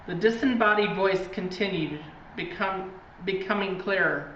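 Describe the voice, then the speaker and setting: A woman reading a spooky children's storybook aloud in a deliberate, dramatic way. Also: medium pitch, expressive. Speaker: reader. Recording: distant, echoey, dull, faint hiss.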